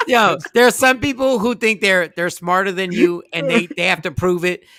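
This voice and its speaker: A man hosting a morning radio show, joking and telling animated stories in casual banter. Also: sits high, moderate pace.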